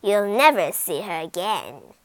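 A woman voicing a sly, wicked old witch who shouts and cackles in a storybook reading. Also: medium pitch, big pitch swings, unhurried, dry recording, voice pushed down.

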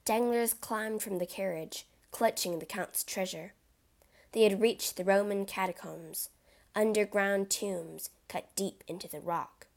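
A woman's voice: mid-range voice, unhurried, gravelly. A woman reading a classic adventure story aloud as narrator, with a dramatic delivery.

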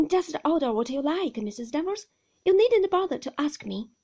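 A woman's voice: sits high, sing-song, normal speed, darkish tone, pitched above the performer's own voice. A woman voicing a timid young bride who stammers and hurries her apologies in a storybook reading. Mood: flustered.

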